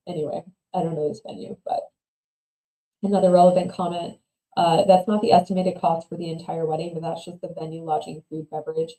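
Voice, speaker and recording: Woman streamer, casual reaction chat, opinionated and giggly, mellow dark voice, roomy echo. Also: low-pitched. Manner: chatty, opinionated, laughs often, trails off into mumbles. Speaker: streamer reading and reacting to online stories. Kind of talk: casual livestream commentary.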